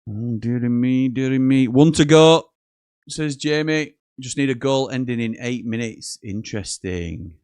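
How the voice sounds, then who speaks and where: A man's voice: mid-range voice, measured pace, darkish tone, clear, resonant tone, no room sound, clean studio sound. A man hosting a live football watchalong, chatting casually, joking and reading out viewer messages. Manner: chatty, jokey, reads out messages and chuckles often.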